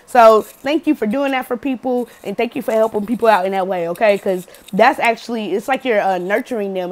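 Woman doing a tarot reading, kinda high voice, cusses a lot, keeps saying okay. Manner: slangy, cusses freely, laughs often, acts out quotes loudly; says "okay?" often to the viewer. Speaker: tarot card reader. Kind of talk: casual pick-a-card reading to camera.

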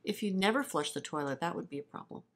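A woman in casual on-camera chat, tired, playful and quick to giggle. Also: on the low side, animated. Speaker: co-host of makeup channel collab.

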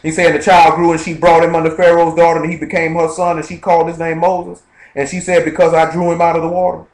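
A man preaches at speed in a casual, conversational way, reading verses and then breaking them down for the people in front of him. His voice sits a little high for a man. The live recording rings with room echo. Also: monotone. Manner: rapid, conversational, quotes scripture and checks in with listeners. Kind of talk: informal Bible study sermon. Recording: echoey live-streamed room.

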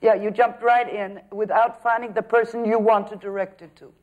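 A woman's voice: mid-range voice, steady tone, moderate pace. An older woman acting teacher giving a student direct, probing notes in class. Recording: dull lo-fi archive recording.

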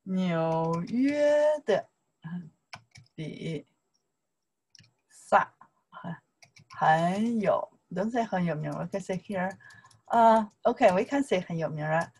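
A woman from China teaching a Mandarin lesson, drilling words slowly in a chatty manner, with a Chinese accent in her English. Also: on the low side, creaky, darkish tone, slightly rough, poor audio. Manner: slow, repetitive drilling with broken English asides.

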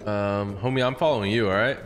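A fast-talking young man with a lowish voice does casual gaming commentary for YouTube, teasing the characters and loudly meowing along. There's a slight hiss or hum on the recording.

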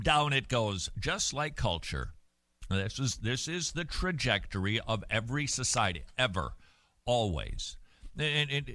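A man hosting a Christian talk show, giving opinionated commentary in an animated, sarcastic way with jokey asides. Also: medium pitch, no room sound. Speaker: radio host.

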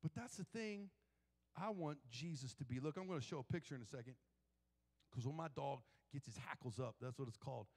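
A male pastor preaching a sermon in a church, telling stories in an animated, joking way. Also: mid-range voice, brisk. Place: church sanctuary. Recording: long hall reverb.

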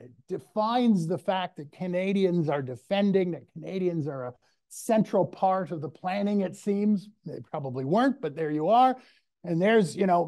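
Mellow, chatty male history lecturer. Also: on the high side. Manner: chatty, discursive, frequent restarts and asides; enthusiastic and wry. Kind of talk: public lecture.

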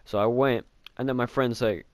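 A man's voice: medium pitch, fairly even intonation, normal speed, clean tone, dry recording. A young man telling a casual storytime about his childhood, rambling with lots of filler words and swearing, mocking himself. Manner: self-mocking. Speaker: vlogger.

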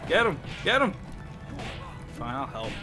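A woman's voice: low-pitched, big pitch swings, unhurried. A woman hosting a co-op let's play, chatting, giggling and reading game text aloud. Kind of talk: casual gameplay chat. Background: game music.

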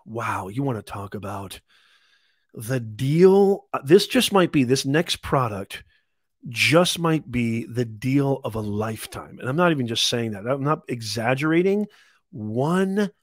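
A man hosts a live deal stream, pitching products in a hyped, salesy way. His voice sits at an average pitch and is recorded dry and close. He keeps urging listeners to buy right away. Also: lively intonation, a little slow, no room sound. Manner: hyped salesy, repeats calls to add to cart. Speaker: host of live shopping stream.

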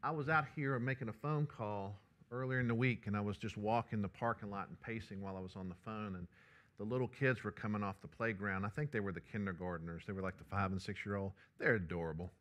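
A male pastor, preaching a sermon and telling a personal story in a lively, conversational way. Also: fairly low pitch, fast talker.

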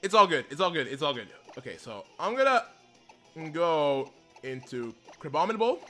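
A young man giving casual commentary while playing a video game, excitable and swearing, with many apologies. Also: fairly high pitch, moderate pace. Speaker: let's play gamer. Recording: game music behind the voice. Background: faint game music.

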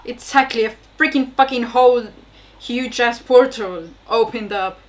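Young female reactor, unhurried exclamations and curses, light hiss on the track. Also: on the high side. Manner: exclamatory, swearing, laughing asides. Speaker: reaction video host. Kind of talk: casual reaction commentary.

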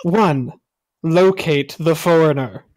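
A woman's voice: sits low, slow pace, darkish tone, slight background noise. A woman co-hosting a comedy podcast, reading a how-to article aloud in a mock-earnest way and breaking into laughter. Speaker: podcast co-host.

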